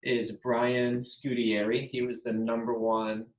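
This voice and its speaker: A man's voice: medium pitch, little pitch movement, slow, poor audio. A man managing a sales team, talking casually and encouragingly in a meeting room with a whiteboard, often tagging remarks with "right?". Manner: encouraging, upbeat.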